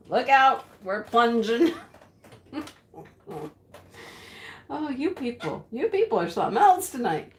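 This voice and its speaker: A chatty home-craft streamer who keeps losing the thread; unhurried, lilting talk, roomy sound. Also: female voice, a little high, vocal fry, heavily acted. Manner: rambling, giggles often, easily flustered. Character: rambling, giggly woman hosting a home craft livestream. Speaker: home craft livestream host. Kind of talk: sketch comedy character acting. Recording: roomy echo.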